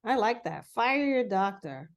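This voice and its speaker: A woman with a mid-range voice hosts an interview. She poses earnest, searching questions and pauses briefly here and there as she works toward her point. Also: mid-range voice, sing-song. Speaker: interview host. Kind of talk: conversational interview.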